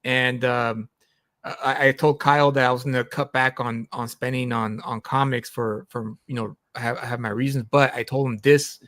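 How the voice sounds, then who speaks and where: A man's voice: mid-range voice, fairly even intonation, normal speed, a bit bright. A man hosts a casual live stream chat in an ordinary middle-range voice. He talks loosely, with fillers, restarts and easy laughs. The sound is dry and close, with no room echo. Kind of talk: casual chat about comics.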